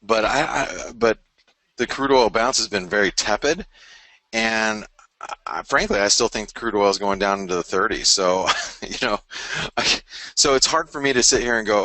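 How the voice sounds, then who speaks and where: A man's voice: fairly low pitch, expressive, normal speed, pushed and bright, no echo. A man hosting a live trading webinar, talking through charts in a rambling, frank way, often stopping and restarting mid-thought. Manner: rambling, self-interrupting, frank.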